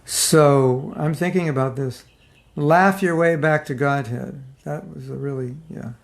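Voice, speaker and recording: A middle-aged man, his voice fairly high and creaky, moves at a measured pace through an informal spiritual class. He keeps it funny, jokes with the room, and mimics people's reactions while staying conversational.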